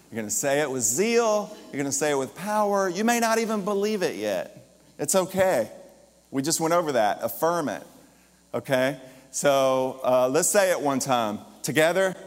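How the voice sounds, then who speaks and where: A minister preaching a lively sermon, his loudness rising and falling, with joking asides. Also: a little high, normal speed. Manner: lively, jokey preacher with shifting volume. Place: church or hall. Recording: long reverb of a large hall.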